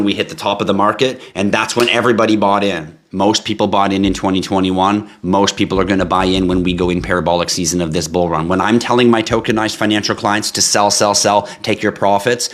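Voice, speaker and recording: Deep-voiced brash crypto streamer. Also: male voice, little pitch movement, brisk, hardly any pauses, fairly bright tone. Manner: brash, profane, joking, reads out comments. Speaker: crypto live stream host. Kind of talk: live stream chat with viewers.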